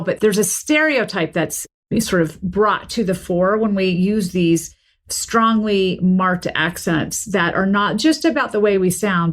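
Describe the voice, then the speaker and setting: A middle-aged woman from the American South, a professor speaking in an articulate, explanatory way during an interview. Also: fairly low pitch. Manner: articulate, explanatory, steady flow. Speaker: linguistics professor and author, guest. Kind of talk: casual interview talk.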